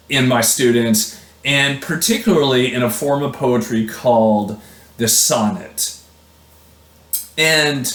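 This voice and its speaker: A man lecturing casually on poetry as a university teacher, halting with fillers and restarts. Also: mid-range voice. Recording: echoey room.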